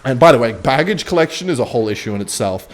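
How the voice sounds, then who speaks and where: A young man from Western Australia telling a rambling, swear-filled story while playing a game, muttering quietly about his moves. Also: mid-range voice, lively intonation, fast. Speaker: gaming streamer.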